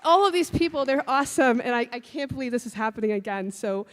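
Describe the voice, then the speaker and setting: A young woman giving an emotional, halting acceptance speech as a newly elected student president, grateful and at a loss for words. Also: on the high side, animated. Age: young adult. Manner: halting, grateful, restarts often. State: emotional, tearful. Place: large hall. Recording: long reverb in a large hall.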